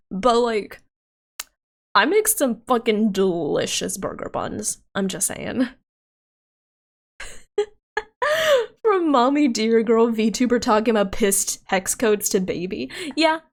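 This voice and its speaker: Woman streamer, high voice and unhurried delivery, giggly, rambling, tired and worn out. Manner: giggly and rambling, with many restarts. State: tired, voice wearing out. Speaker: VTuber streamer. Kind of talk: casual live-stream chat.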